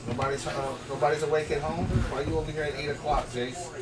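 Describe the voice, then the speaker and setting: A man, the host's father, making calm scolding remarks from across the room. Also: on the high side, fast, roomy sound. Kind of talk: casual family chat. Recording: distant voice in a noisy room.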